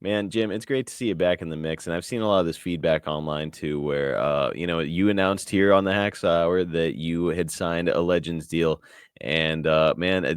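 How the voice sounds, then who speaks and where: A man's voice: deep voice, no room sound, clean studio sound. A male co-host asking questions in a casual, upbeat interview chat.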